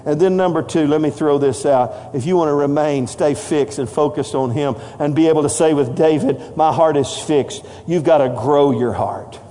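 An older man preaching a sermon to his congregation, passionate, climbing into shouted lines. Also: a little high, moderate pace, few pauses. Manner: impassioned, rising to shouts. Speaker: pastor. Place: church sanctuary. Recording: long hall reverb.

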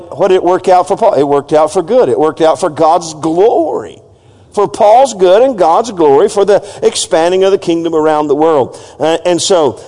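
A man's voice: high-pitched, warm tone. Preaching man with call-and-response. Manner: call-and-response, urging the congregation to repeat phrases; emphatic preaching with frequent asides and restarts. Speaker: pastor. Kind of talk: sermon. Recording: long reverb of a church hall.

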